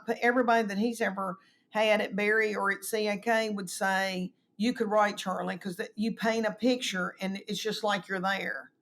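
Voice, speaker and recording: A middle-aged woman, telling animated stories and acting out quoted voices in a casual chat. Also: mid-range voice. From East Tennessee, US. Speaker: comedian guest.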